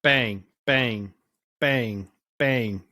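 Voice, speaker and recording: A man hosting a podcast, chatting casually with relaxed, chuckling asides. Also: medium pitch, extremely slow, no echo, studio quality. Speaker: podcast host. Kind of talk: casual chat.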